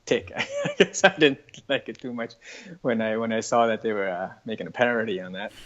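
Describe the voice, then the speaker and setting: A man's voice: fairly low pitch, normal speed, a bit bright, lo-fi sound. A man with a North American accent, a guest chatting casually and thinking aloud, often restarting his sentences. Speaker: interview guest. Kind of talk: casual conversation.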